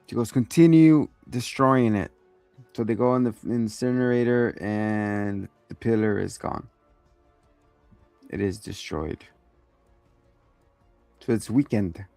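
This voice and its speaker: A man's voice: on the low side, steady tone, unhurried, gravelly, pauses often, warm tone, dry recording, soft background music. A man hosting a casual episode recap, loose and profane, acting out quotes along the way. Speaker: host.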